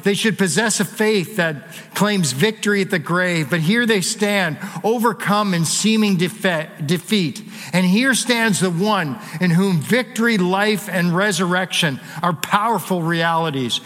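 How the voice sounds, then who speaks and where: A man preaching a sermon in a fairly high voice, his words ringing with long reverb through a church hall. He builds to emphatic points and slips in light jokes along the way. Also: a bit bright. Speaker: pastor.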